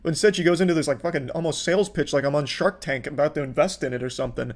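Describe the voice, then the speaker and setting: Commentary host, male, thirties, slightly higher voice, exasperated profane ranting. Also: very fast. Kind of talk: reaction commentary.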